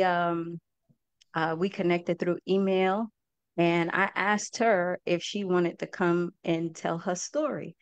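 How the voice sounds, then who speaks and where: Slow, low-voiced woman host saying "y'all". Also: clear, resonant tone, no room sound, muffled recording. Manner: warm, folksy, often calls the listeners "y'all". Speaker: host and project founder. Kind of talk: heartfelt talk to an online audience.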